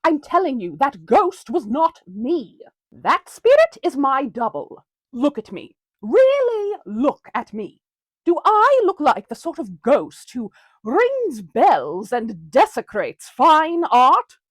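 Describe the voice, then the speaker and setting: A woman's voice: high-pitched, sing-song, slow, no room sound, exaggerated voice. Woman as an imperious, proper female ghost; dry comedy read. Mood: haughty. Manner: haughty, imperious. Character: stern, proper female ghost, the prankster's double.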